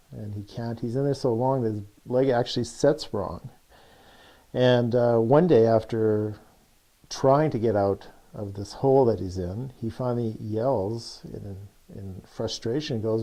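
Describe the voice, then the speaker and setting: A man's voice: lowish voice, warm tone. A man, a coach, telling a story in a loose, chatty way with many fillers. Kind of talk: casual storytelling.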